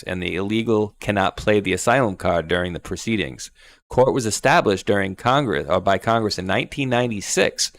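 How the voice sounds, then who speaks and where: Low gravelly man hosting casual chat. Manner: laid-back, laughs often. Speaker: show host. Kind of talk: casual chat, reading posts aloud.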